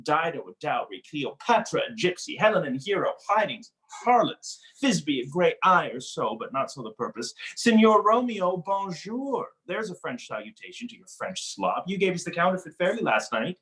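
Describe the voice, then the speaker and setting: A man reading the part of a witty, mocking young nobleman in a cold read of a stage play over a video call, with playful, animated delivery. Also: a little high, normal speed, few pauses. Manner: playful, teasing, animated wordplay.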